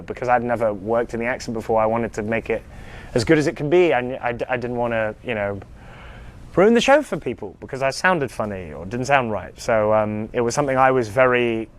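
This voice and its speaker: A young British man, an actor, chatting casually in a live fan Q&A, telling stories in an animated, self-amused way with frequent ums and restarts. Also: mid-range voice. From United Kingdom. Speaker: actor answering fan questions.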